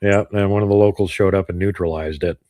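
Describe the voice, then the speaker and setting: A man chatting casually as a co-host, calm and with dry humor. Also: sits low, quick pace, dry recording. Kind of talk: casual chat.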